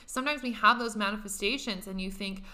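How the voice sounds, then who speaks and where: A woman's voice: mid-range voice, quick pace, pushed and bright. A young woman telling a personal story in a candid, profane, casual way, often laughing.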